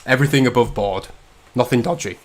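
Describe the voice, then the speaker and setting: A man's voice: mid-range voice, fairly quick. A man from the north of England hosts a casual drinking livestream. He jokes constantly, swears freely and keeps up a running banter in an ordinary mid-range voice. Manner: swearing, joking banter with frequent laughs. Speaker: livestream host. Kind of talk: casual drinking-stream chat.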